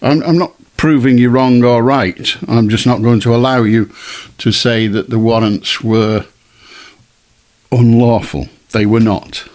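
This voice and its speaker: A man's voice: medium pitch, steady tone, unhurried, a little mellow. A man hosting a late-night radio phone-in, firm and chatty, talking plainly to callers and musing aloud.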